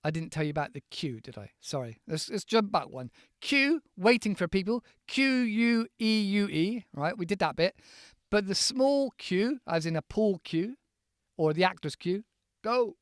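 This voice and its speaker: A man's voice: high voice, very animated, normal speed, no echo, clean studio sound. Playful man spelling out words. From United Kingdom. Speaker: English teacher podcaster. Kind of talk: casual podcast lesson.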